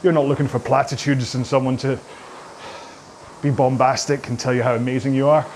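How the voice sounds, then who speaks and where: A man's voice: mid-range voice, level tone, fairly quick, darkish tone, a little hiss or hum. A middle-aged man leading stretches after a rowing workout, chatty and self-mocking, with rambling asides. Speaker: rowing coach. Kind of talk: follow-along workout instruction.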